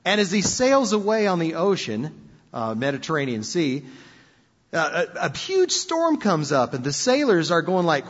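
A man preaching a sermon in an animated, conversational storytelling manner. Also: a little high, normal speed. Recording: dull lo-fi sound with long hall reverb.

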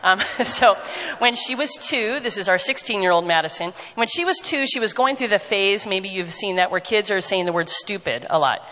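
A woman in her forties telling an animated family story to a congregation, laughing now and then. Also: medium pitch, normal speed, in a large hall, low-quality recording. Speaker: pastor's wife sharing a story.

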